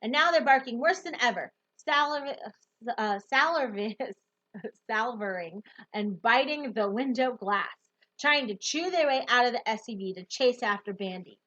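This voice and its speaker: A woman reading a novel aloud in the first person, with expressive, lively storytelling. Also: fairly high pitch, a little slow, dull audio. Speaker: audiobook narrator.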